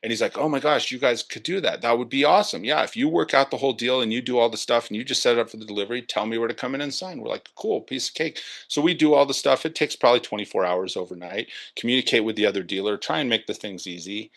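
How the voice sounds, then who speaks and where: A man's voice: medium pitch, fast, gravelly, few pauses. A man, a guest in an interview, telling a sales story in a casual way and acting out the people in it. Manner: animated, acts out quoted dialogue.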